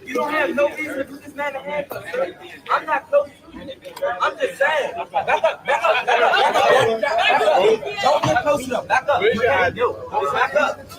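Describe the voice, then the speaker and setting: A man's voice: very high-pitched, very animated, normal speed. A man in a heated street confrontation, agitated and protesting to officers. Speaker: bystander. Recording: crowd noise from street footage.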